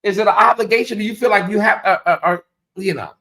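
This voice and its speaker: A man hosting a casual livestream, reading viewer comments aloud and stretching out questions slowly for effect. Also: high-pitched, bright, forceful tone. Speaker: livestream host.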